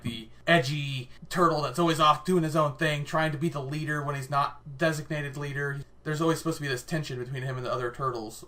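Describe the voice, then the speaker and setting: A man's voice: mid-range voice, bright, forceful tone. Chatty man laughing on a podcast. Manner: chatty, laughs often, thinks aloud. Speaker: podcast co-host. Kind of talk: casual chat.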